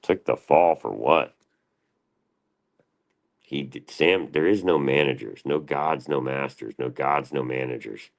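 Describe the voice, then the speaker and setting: A man's voice: a bass voice, measured pace, creaky, long pauses. A man hosting a livestream, answering his chat in a profane, combative and defensive rant. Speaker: livestream host.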